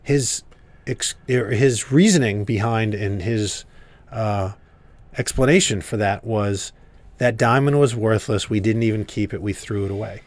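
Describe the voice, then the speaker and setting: A man's voice: on the low side, a little slow, no echo. A man who is a congressman, a guest in a casual podcast interview, telling stories emphatically. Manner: storytelling, emphatic.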